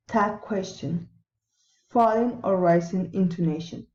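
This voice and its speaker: Woman, pronunciation drill, very slow delivery, mellow tone, echoey room. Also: lowish voice, muffled recording. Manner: reads word lists slowly and deliberately, modeling intonation. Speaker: English pronunciation teacher.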